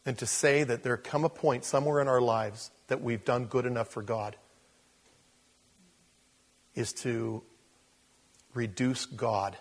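A male pastor delivers an expository sermon, shifting between loud emphasis and quiet asides. His voice is medium-pitched and steady, a little slow, with long pauses.

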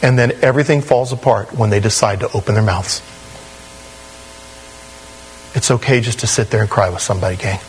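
A man preaching a sermon in a conversational, animated way, with sudden rises in pitch. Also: fast talker, a little hiss or hum, poor audio. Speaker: pastor.

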